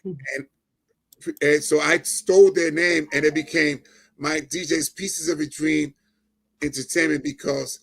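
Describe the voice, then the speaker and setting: A middle-aged man from New Jersey sharing an emotional personal testimony as an interview guest, animated, often laughing and raising his voice when excited. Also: on the high side, unhurried, creaky, long pauses.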